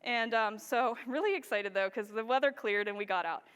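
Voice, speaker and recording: A woman with a high, bright-pitched voice tells stories on stage to a live audience, lively and excited. Her voice rings out with a long reverb from the large hall. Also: brisk, smooth. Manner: enthusiastic, animated storytelling with frequent laughter. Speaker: wildlife photographer giving a stage presentation. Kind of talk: live storytelling presentation to an audience.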